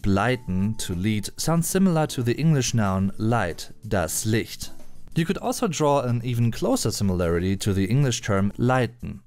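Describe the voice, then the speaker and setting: Lively man teaching. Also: on the low side, normal speed, faint music behind. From Germany. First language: German. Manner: chatty, playful asides, careful pronunciation. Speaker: German language teacher. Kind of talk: online language lesson.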